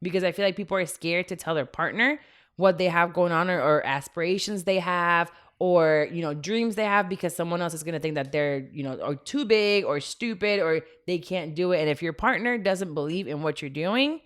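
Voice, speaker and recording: Her voice is on the low side and her pace moderate. This thirtysomething podcast co-host tells stories in a relaxed chat, animated and full of laughter, performing the quotes as she goes.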